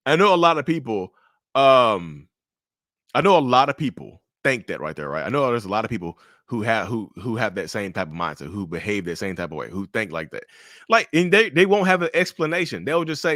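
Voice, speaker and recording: A man giving blunt, animated commentary to camera about relationships. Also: lowish voice, a little fast, dry recording, clean studio sound.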